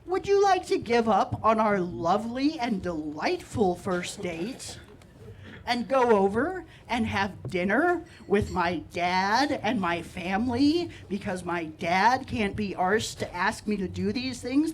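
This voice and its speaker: A man's voice: very high voice, completely flat delivery, quick pace, hardly any pauses, slight background noise, voice pushed up. Sarcastic young woman on a date, as a man puts her on. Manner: dry, mocking sarcasm.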